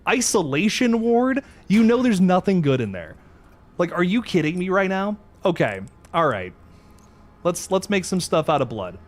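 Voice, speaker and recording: A man hosting a horror game let's play, talking to viewers as he plays, jumpy and excitable, swearing when startled. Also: high-pitched, normal speed. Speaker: gaming channel host.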